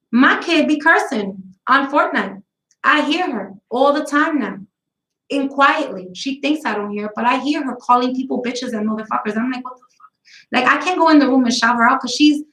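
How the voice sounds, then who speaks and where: A woman's voice: a little high, fairly bright tone, echoey room, rough recording. Blunt, profane New woman. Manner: blunt, profane, rambling storytelling. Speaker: host of a live talk stream. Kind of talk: casual chat.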